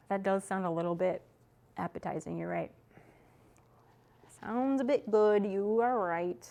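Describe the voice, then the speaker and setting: A woman's voice: medium pitch, a little mellow. Young woman, streamer, casual and chatty, swears freely, talks while working.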